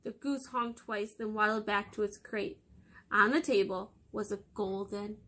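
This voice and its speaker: A woman hosting storytime for children, reading a fairy tale aloud in a lively, expressive way. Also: mid-range voice, unhurried.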